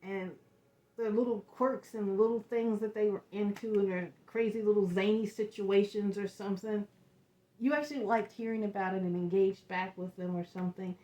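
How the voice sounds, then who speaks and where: A woman giving an emotional tarot reading, talking in halting, searching bursts with repeated words. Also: medium pitch, fairly even intonation, dark tone. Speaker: tarot reader. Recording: echoey room.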